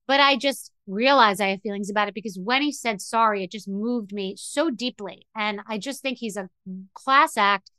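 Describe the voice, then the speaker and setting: A woman's voice: mid-range voice, normal speed, pushed and bright, no echo. A middle-aged woman hosting a podcast, telling a personal story in an emotional, rambling way with many restarts. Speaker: podcast host. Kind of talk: candid monologue.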